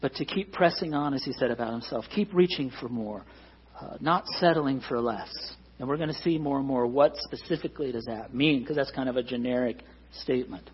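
A man's voice: medium pitch, fairly quick, lo-fi sound, a little hiss or hum. A man preaching a sermon as pastor, earnest and emphatic, pressing his points with rising stresses.

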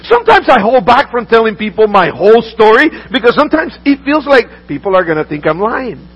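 A man's voice: extremely high pitch, very animated, a little fast, husky, highs cut off. A man preaching a sermon as a pastor, earnest, often repeating words and restarting his sentences.

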